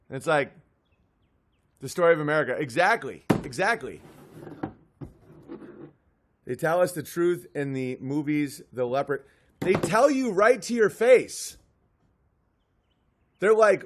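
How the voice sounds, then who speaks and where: A man delivering a comedy monologue in an animated way, often dropping into character voices. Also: a little high, measured pace, pauses often.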